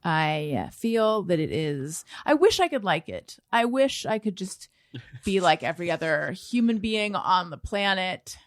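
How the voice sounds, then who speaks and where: A woman's voice: lowish voice, expressive, measured pace, dry recording, clean studio sound. A woman hosting a comedy podcast, reading an ad and chatting casually. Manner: reads ad then chats, mocking gushing voices. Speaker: podcast host.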